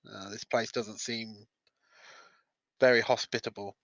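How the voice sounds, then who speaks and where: Slow, hesitant man playing a tabletop game. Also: lowish voice, steady tone, fairly bright tone, no echo. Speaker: player. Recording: dull dry lo-fi audio.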